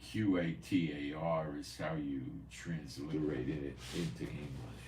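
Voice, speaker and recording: A man's voice: rumbling low, steady tone, measured pace, a little mellow, roomy sound, recorded from a distance, slight background noise. A man hosting a prophecy news channel, talking casually and rambling, repeating himself now and then. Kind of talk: casual commentary. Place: home in Israel.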